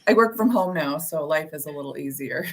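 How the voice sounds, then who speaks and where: A woman's voice: low voice, animated, a little fast. A woman with a Canadian accent, hosting a talk show in a chatty, laughing way. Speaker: host. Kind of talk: casual chat.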